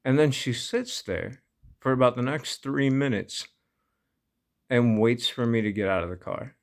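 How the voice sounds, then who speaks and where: A man's voice: medium pitch, a little slow. A man casually telling a personal story, laid-back and amused, often breaking into laughter. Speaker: vlogger.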